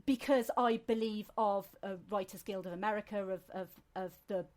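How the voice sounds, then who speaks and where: A British woman hosting a podcast chats casually, rambling with many fillers and restarts. Her mid-range voice has a darkish tone and moves at a normal speed.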